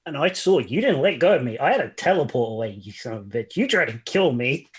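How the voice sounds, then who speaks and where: A man's voice: medium pitch, very animated, fast, husky. A man playing a tabletop game, talking in a sarcastic, wisecracking way. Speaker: player. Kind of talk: casual tabletop game play.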